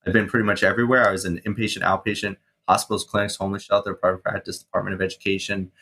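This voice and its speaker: Man in his thirties, low voice, forceful tense delivery, casual swearing, animated storytelling. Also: very fast. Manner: animated, swearing, reenacts his own shouting. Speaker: guest, mindset coach and firefighter.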